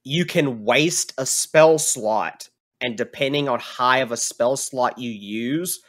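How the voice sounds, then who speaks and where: A man's voice: mid-range voice, takes it slowly. A man acting as game master, casually explaining the rules and describing scenes. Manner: casual, relaxed explaining with fillers. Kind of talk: narrating a tabletop game.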